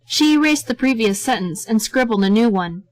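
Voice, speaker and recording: Woman, storybook narration, steady gentle reading, dry recording. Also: a little high, moderate pace, no room sound, rough recording.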